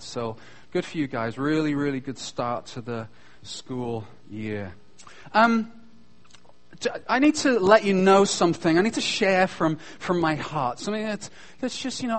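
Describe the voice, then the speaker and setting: A man with a British accent giving a humorous, self-deprecating chapel talk to school students. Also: medium pitch. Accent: British English. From Britain. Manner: joking, self-deprecating, lively storyteller.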